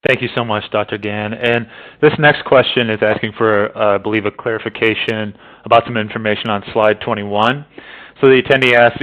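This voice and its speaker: Polite male moderator on a phone line. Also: on the low side. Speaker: webinar moderator. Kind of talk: reading attendee questions. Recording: tinny phone-like audio line.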